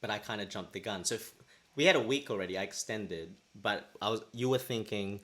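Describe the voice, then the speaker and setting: A man's voice: on the low side, brisk, a bit bright. A young man co-hosting a podcast, telling a story in casual chat and acting out his own past thoughts. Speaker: podcast co-host.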